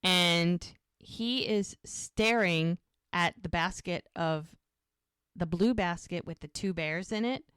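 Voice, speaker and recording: A woman's voice: fairly low pitch, slow, clear, resonant tone, no echo, clean studio sound. A woman co-hosting a podcast, chatting casually as she recaps a TV episode scene by scene and acts out the characters' lines. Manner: animated retelling with acted character quotes. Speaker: podcast co-host.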